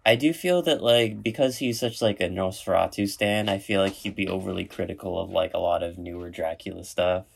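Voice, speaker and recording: A man's voice: deep voice, a little fast, gravelly, hardly any pauses. A young man hosting a podcast, rambling jokily with lots of fillers. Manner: rambling, filler-heavy, jokey. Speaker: podcast host. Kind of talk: casual chat.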